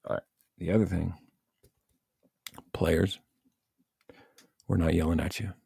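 A man's voice: low-pitched, takes it slowly, vocal fry, breathy edge, no room sound, studio quality. A man giving blunt, profane coaching advice in a casual rant, speaking as a youth baseball coach and parent. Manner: blunt, profane, animated venting.

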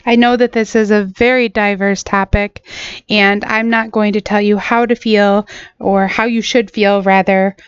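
A woman's voice: medium pitch, flat delivery, clear, resonant tone, no echo, dull audio. Earnest woman podcast host, choked up. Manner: earnest, halting, apologetic. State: choked up, voice sounds different. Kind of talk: solo podcast talk.

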